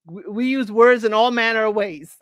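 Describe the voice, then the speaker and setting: A woman's voice: a little high, normal speed, dry recording. Chatty woman hosting a live recap. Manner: chatty and opinionated, laughs often; repeats points for emphasis. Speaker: host of a dating-show recap livestream. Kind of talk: casual live commentary talking to chat viewers.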